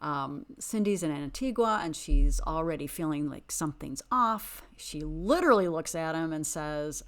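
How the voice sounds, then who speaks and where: Woman podcaster, kinda low voice, sassy and exasperated, super animated tv recap rant. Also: slow pace. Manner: animated, dramatic emphasis. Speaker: podcast host. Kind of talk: reality TV recap commentary.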